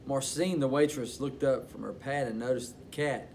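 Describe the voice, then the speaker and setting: A man reading a picture book aloud to children in an expressive bedtime-story manner. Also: mid-range voice, moderate pace, slight background noise.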